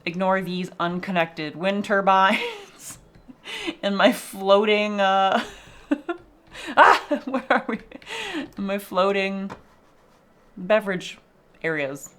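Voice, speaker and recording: A woman's voice: medium pitch, expressive, takes it slowly, pauses often, fairly bright tone. A young woman casually chatting and swearing as she shows off her zoo game, laughing often. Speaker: vlogger showing a zoo game. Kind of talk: casual gameplay chat.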